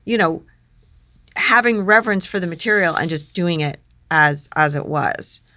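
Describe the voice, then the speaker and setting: A woman's voice: moderate pace, dry recording, clean studio sound. An older woman co-hosting a podcast in casual chat, telling stories animatedly and acting out quotes. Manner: animated storyteller, acts out quotes with big pitch swings. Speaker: podcast co-host.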